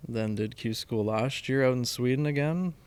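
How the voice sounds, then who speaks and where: A man's voice: mid-range voice, moderate pace, darkish tone, smooth. Laid-back young man. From Canada. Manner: laid-back, self-deprecating. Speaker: professional golfer guest. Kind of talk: casual interview chat.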